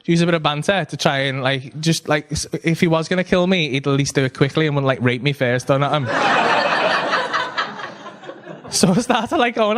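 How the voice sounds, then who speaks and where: Male stand-up, high voice, animated and sweary, noisy live club mic. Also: moderate pace. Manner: animated, swearing, acts out dialogue. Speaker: stand-up comedian. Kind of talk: stand-up storytelling. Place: comedy club stage before a laughing audience.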